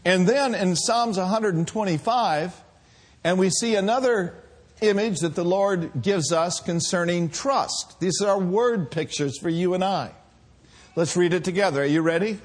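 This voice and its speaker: A middle-aged male pastor preaching a sermon in a church, animated and laughing as he calls out to the congregation. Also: high-pitched, a little slow.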